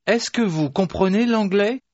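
A fairly high, husky male voice repeats phrases for learners with careful, deliberate enunciation and lively intonation. The recording is dry and close, with a dull, lo-fi tone. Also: no echo. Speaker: model speaker in a language course. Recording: dull, dry studio audio.

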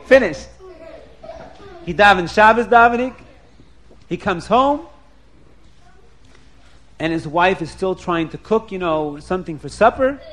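Brief: male storyteller, high voice, lively anecdote delivery with frequent chuckles. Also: a little slow, long pauses. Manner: lively, chuckling often, repeats words. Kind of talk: animated storytelling.

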